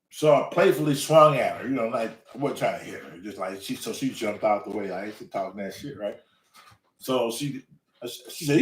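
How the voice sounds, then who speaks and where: A man's voice: medium pitch, a little fast, recorded from a distance. A man in his sixties telling a story casually, with heavy profanity. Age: 60s. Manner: profane, animated, drawling. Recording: roomy room, away from mic.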